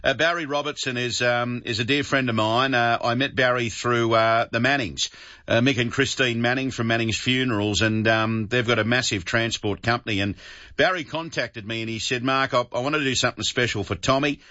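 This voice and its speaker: A man's voice: mid-range voice, moderate pace, pushed and bright, dry recording, muffled recording. A man hosting talk radio, friendly and chatty. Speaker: radio host. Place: outdoors at a police station.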